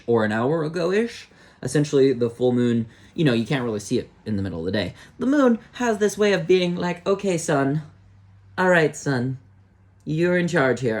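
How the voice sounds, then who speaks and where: A man's voice: fairly high pitch, darkish tone. A young man, an astrologer, chatting casually on a live stream, rambling and joking to himself as he reads a chart. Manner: rambling, self-talking, jokey.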